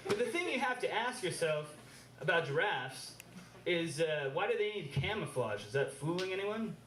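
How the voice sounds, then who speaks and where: A man performing a stand-up comedy set with deadpan, absurd one-liners on a club stage. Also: high voice, normal speed, recorded from a distance, slight background noise. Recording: roomy live club recording with loud ambience.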